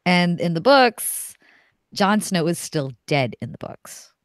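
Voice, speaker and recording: Blunt, foul-mouthed low-voiced woman. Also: slow pace, no room sound, studio quality. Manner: profane, blunt and animated. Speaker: podcast co-host guest. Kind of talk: casual podcast chat.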